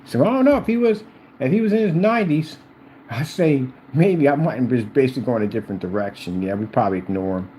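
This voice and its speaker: A man's voice: medium pitch, lively intonation, quick pace, mellow, a little hiss or hum, poor audio. A middle-aged man ranting to camera as a vlogger, rambling and repeating himself while addressing a rival directly.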